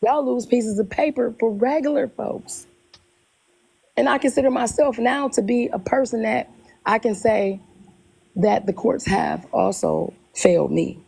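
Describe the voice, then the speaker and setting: A woman telling a personal story in casual conversation, animated, often repeating herself and acting out what people said. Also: fairly high pitch, a little slow, vocal fry, breathy edge, low-quality recording. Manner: animated, retells dialogue in quotes, repeats herself. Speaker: guest telling her story.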